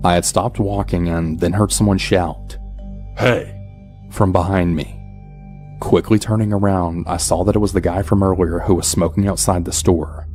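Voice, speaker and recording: A man with a low, mellow voice tells a true horror story in the first person. He keeps it calm and even, with soft music playing underneath. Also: moderate pace.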